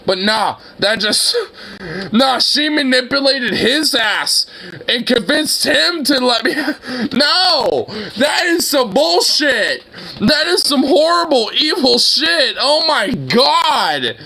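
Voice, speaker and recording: An excitable young man hosts a reaction video, laughing and swearing through loud exclamations. His voice sits high and sounds bright and forceful. He drags his words out at an unhurried pace. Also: vocal fry.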